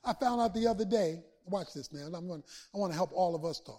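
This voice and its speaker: A man a sermon to his congregation, building from steady talk to shouted peaks and back down. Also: high voice. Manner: preaching with swells to shouts and dramatic pauses. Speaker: pastor.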